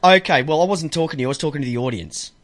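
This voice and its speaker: A man's voice: fairly high pitch, rapid-fire, very noisy. A man with an Australian accent hosting a radio show, bantering casually, joking and laughing often as he tells stories. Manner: joking, laughs often, acts out voices in anecdotes.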